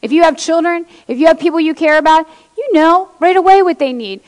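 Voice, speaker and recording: A woman's voice: very high voice, a little fast, a little mellow, big-room sound. A woman preacher giving an impassioned sermon, reading scripture aloud and speaking straight to her congregation in a church.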